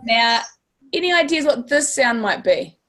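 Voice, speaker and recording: A woman's voice: on the high side, expressive, unhurried, sharp tone. A woman with a New Zealand accent teaching a class, upbeat and encouraging, stretching words out to model sounds. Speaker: language teacher.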